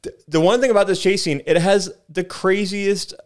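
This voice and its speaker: A man's voice: high voice, normal speed. A man co-hosting a podcast, chatting casually and enthusiastically about movies and often restarting his sentences. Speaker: podcast co-host.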